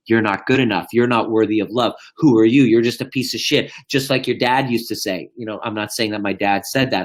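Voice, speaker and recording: A man coaching live on a stream, talking in an animated, profane way that swings between loud and hushed. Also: mid-range voice. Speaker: life coach. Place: indoors, live video.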